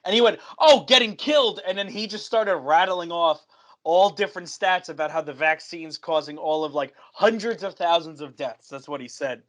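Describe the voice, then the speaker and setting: A young man with a somewhat high voice chats casually on a podcast. He tells a long story with energy and acts out each person's lines as he goes. The talk is loose and conversational. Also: normal speed. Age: young adult. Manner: animated storyteller who acts out quoted dialogue. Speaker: podcast co-host telling a work story.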